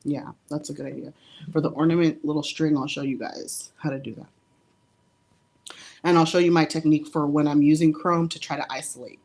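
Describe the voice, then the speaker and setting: Low-voiced, chatty woman nail artist. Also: level tone, moderate pace, a little mellow. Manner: chatty and giggly, full of "like" and "um". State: slightly out of breath. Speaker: nail artist giving a live demo. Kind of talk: casual live-stream tutorial. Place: indoor studio under hot lights.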